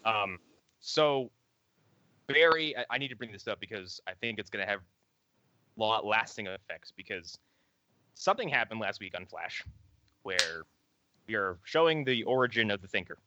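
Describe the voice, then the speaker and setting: A man co-hosting a podcast, chatting casually about comics and TV and acting out quotes with lively energy. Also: fairly low pitch, normal speed, pauses often, highs cut off, slight background noise. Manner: animated, acts out quoted characters. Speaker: podcast co-host.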